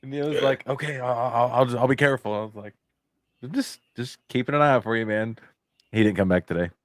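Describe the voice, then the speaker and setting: A man's voice: mid-range voice, fast talker, no room sound. A man co-hosting a podcast, telling a rambling factory story in casual chat and swearing freely. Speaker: podcast co-host; factory worker.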